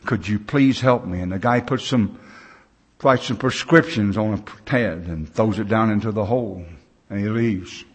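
A man's voice: on the low side, moderate pace, husky. Guy in his 60s, folksy plain talker, loose grammar, telling stories at a recovery meeting. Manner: folksy storyteller, plain-spoken with nonstandard grammar. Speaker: AA speaker.

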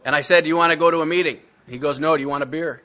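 A man's voice: a little high, fairly even intonation, very fast, sharp tone, highs cut off. A man telling his recovery story to a meeting, blunt and self-mocking. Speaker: speaker sharing recovery story.

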